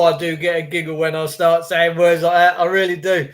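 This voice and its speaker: Live-stream host, man, high-pitched, chatty and cheeky, prone to ranting. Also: level tone, brisk. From England. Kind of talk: casual live-stream chat greeting viewers.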